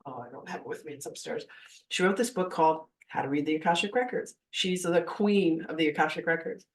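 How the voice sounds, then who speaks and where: A woman's voice: sits low, fairly quick, recorded from a distance, poor audio. A woman in her fifties, a spiritual teacher telling stories in a live masterclass and acting out the voices she quotes. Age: 50s. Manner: animated, acts out quoted voices.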